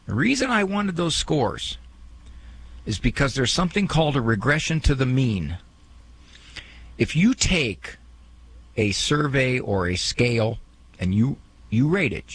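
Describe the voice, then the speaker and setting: A man's voice: medium pitch, a bit bright, husky. A man hosting a call-in advice show, talking fatherly and directly to a worried caller and acting out what people might say. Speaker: radio advice host.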